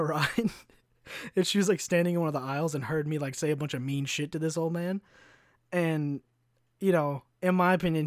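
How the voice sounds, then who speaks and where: A man's voice: a little high, no echo, clean studio sound. A young man hosting a podcast, telling a story in a profane, exasperated rant and acting out the other people's lines. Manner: profane, exasperated ranting with acted-out quotes. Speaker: podcast host. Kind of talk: casual storytelling monologue. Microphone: podcast mic, no camera.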